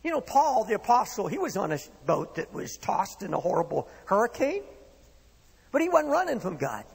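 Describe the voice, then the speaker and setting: High raspy preacher in an echoey hall. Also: male voice, sing-song, normal speed. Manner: impassioned, dramatic preaching with acted-out quotes. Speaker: pastor. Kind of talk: sermon.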